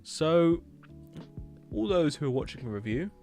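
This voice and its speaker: A man's voice: a little high, very animated, measured pace, darkish tone, soft background music. A young man with a Hampshire accent, chatting casually and rambling as he reviews viewers' builds on a live stream, repeating his words as he goes. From England.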